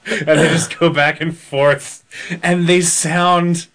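A man's voice: a little high, level tone, takes it slowly, fairly bright tone. A man in a casual chat reviewing a film, amused and jokey, mocking the dialogue between laughs. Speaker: podcast co-host.

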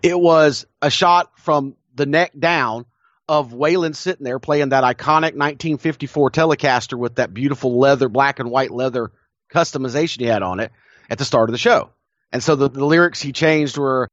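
A man's voice: mid-range voice, moderate pace, fairly bright tone, no room sound, dull audio. Dry-sounding Southern man telling stories. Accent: Southern American. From American South. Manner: enthusiastic storyteller, laughs often. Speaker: podcast co-host. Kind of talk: casual chat.

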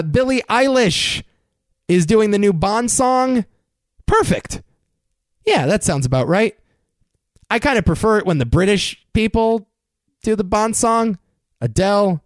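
Lively, high-voiced man riffing dryly. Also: no echo. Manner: wry, sarcastic asides, quick rundown. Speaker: podcast host. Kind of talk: casual entertainment news commentary.

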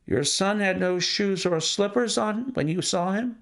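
A man reading aloud, playing a cool, self-assured gentleman detective with a measured, dry delivery. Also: high-pitched, voice pushed up. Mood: composed. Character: cool, precise gentleman detective, adult male.

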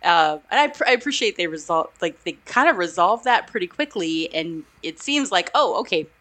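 A woman's voice: lowish voice, animated, moderate pace, a bit bright. A woman co-hosting a podcast, chatting casually about an old film, laughing often as she retells scenes. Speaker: podcast co-host.

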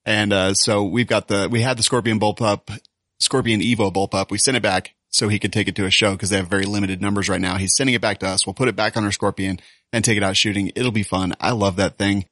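A man with a somewhat low voice recorded close and dry, with no room sound. He co-hosts a podcast in loose, joking banter and laughs easily. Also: steady tone, fast talker, fairly bright tone, dry recording. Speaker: podcast co-host.

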